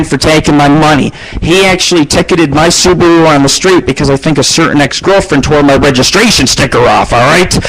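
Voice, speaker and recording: A man's voice: a little hiss or hum, rough recording. A middle-aged man hosting a radio show, ranting crudely and boastfully in a rambling monologue. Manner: profane, boastful, rambling, shifts pitch for jokes. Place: abandoned house.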